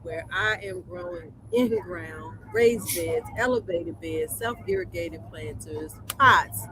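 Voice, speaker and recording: A woman co-hosting a casual online chat while she travels on the road, speaking softly over a weak phone connection. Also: fairly low pitch, slow pace. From Maryland. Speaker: co-host. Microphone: phone on a weak call connection. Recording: noisy call from a moving vehicle.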